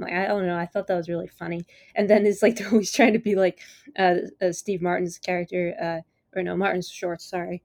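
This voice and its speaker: A woman's voice: fairly low pitch, flat delivery, a little fast, vocal fry, a little mellow, no room sound, clean studio sound. A woman hosting her own podcast, chatting on her own in a rambling, enthusiastic way with lots of "like" and "you know.". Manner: enthusiastic, easily amused. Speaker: podcast host. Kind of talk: casual solo chat.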